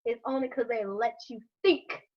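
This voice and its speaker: A woman and mother telling a story from her youth in a casual podcast chat, animated, laughing often and swearing freely. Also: a little high, normal speed, highs cut off.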